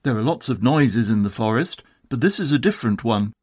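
Pooh, a man doing a gentle sleepy bear. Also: mid-range voice, expressive, breathy edge, dry recording, clean studio sound. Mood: mild. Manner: mild, slow, ponderous. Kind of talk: storybook reading.

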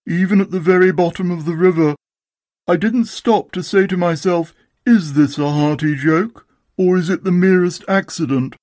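A man voicing a gloomy, sarcastic old male donkey with a slow, mournful drawl, in a storybook reading. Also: high voice, darkish tone, no echo, clean studio sound, pitched above the performer's own voice, close to an everyday voice.

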